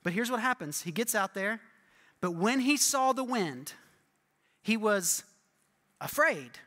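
A male pastor preaching a sermon with animated storytelling, often asking listeners "right?". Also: high-pitched, slow, in a large hall.

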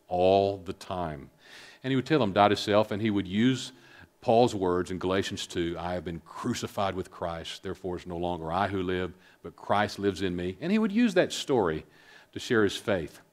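A middle-aged man giving a filmed public talk, speaking earnestly and haltingly with many fillers, calm and reflective. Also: low voice. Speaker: speaker on suicide prevention.

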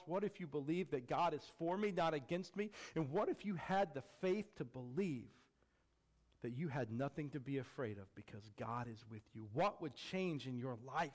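Man preaching with rising, emphatic peaks. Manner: rising to emphatic peaks, then dropping low and quiet; acts out quoted voices with jokey flair. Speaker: pastor. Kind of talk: sermon.

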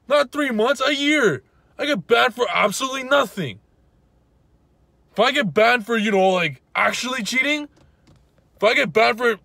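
Indignant high-voiced young man ranting. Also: bright, forceful tone, no echo. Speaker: YouTube gaming channel host. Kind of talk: ranting vlog to camera.

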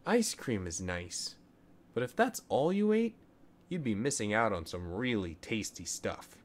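A man reading a children's story aloud in a low voice. He takes his time with each line, and his pitch rises and falls in a lively, expressive way. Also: a little slow. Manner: gentle, expressive storybook narration.

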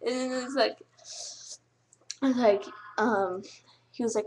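A woman's voice: a little high, fairly even intonation, measured pace, pauses often, a little mellow, slight background noise. A teenage girl thanking her subscribers in a casual vlog, gushing, giggly and close to tears. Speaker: vlogger.

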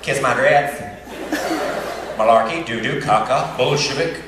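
A man performing a stand-up comedy routine, playfully rattling off a rapid list of mild swear words. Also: medium pitch. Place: live comedy venue with audience. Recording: echoey stage audio from far off, loud crowd laughter and noise. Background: laughing audience.

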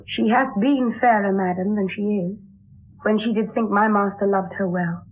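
A woman speaks verse in an old radio play, cast as a lovelorn noblewoman in disguise as a boy page, sounding earnest and wistful. She has a medium pitch, a steady tone, and a moderate pace, close to her everyday voice. The recording is a tinny, lo-fi 1960s radio broadcast.

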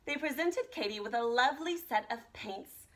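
A woman art teacher reading a children's picture book aloud with an expressive, animated delivery. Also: on the high side, moderate pace. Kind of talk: storybook read-aloud.

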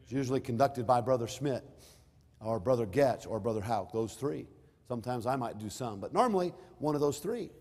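A man's voice: mid-range voice, animated, brisk, a little mellow. A middle-aged male pastor preaching a sermon, mixing scripture with a personal story, emphatic and rising and falling in force. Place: church sanctuary. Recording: reverberant hall.

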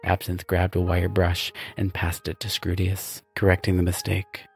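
A male audiobook narrator with a low, gravelly and husky voice. He tells the story in a measured, dry way over faint background music. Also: monotone, no echo.

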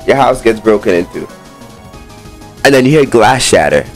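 A man giving excitable let's play commentary on a horror game, talking back to the game and swinging between boasting and panic. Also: lowish voice, moderate pace, over loud music. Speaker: gaming YouTuber.

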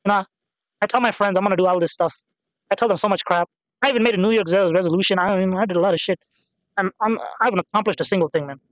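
A man's voice: sits high, rapid-fire, fairly bright tone, dry recording, dull audio. A young man giving rambling, self-deprecating commentary over a game, swearing casually and musing aloud. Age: young adult. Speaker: gameplay commentator. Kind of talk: rambling let's-play commentary.

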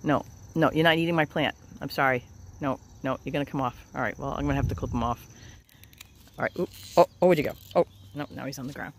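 Brief: low-pitched woman vlogger, chatty and exclamatory, faint noise in the background. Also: quick pace, low-quality recording. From United States. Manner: chatty, excitable, lots of exclamations. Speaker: home and garden vlog host. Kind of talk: casual vlog chat while cooking. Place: home kitchen.

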